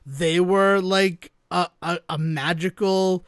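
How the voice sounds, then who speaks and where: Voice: medium pitch, fairly even intonation, slow, no echo, clean studio sound. Wry co-host spinning mock theories. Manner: wry, spins mock theories, swears for emphasis. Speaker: podcast co-host. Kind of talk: casual film-review chat.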